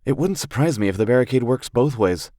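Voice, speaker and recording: Brief: practical young woman archer, voiced by a male narrator, higher voice, matter-of-fact. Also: animated, fairly quick, dark tone, dry recording, clean studio sound, close to an everyday voice.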